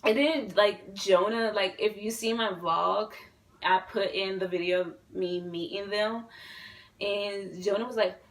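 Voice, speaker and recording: Gravelly young woman rambling excitedly. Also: medium pitch, measured pace, distant mic, low-quality recording. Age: 20s. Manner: rambling and excitable, full of fillers and swearing. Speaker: vlogger. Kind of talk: casual storytelling to camera.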